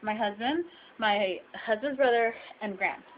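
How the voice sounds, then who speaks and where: A woman's voice: medium pitch, normal speed. A young woman venting to her camera, telling an upsetting story with indignant emphasis. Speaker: vlogger. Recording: dull lo-fi webcam audio.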